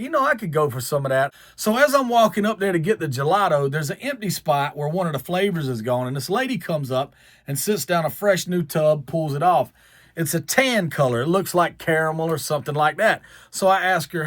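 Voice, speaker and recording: A man from the American South with a long drawn-out Southern accent, telling a self-mocking story. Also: fairly high pitch, dry recording, clean studio sound. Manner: drawled, self-mocking, animated. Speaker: vlogger. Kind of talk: storytelling to camera.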